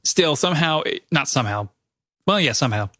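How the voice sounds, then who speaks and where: A man's voice: a little high, expressive, brisk, bright, forceful tone, dry recording. A man hosting a casual gaming podcast, rambling and correcting himself as he tells a story. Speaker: podcast host. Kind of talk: casual chat.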